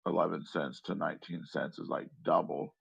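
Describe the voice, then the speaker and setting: A man with a very low, gravelly, husky voice hosts a casual live stream. He rambles and thinks aloud, often restarting his sentences. The audio is a bit muffled. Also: flat delivery, normal speed, no echo. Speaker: stream host, crypto chart analyst.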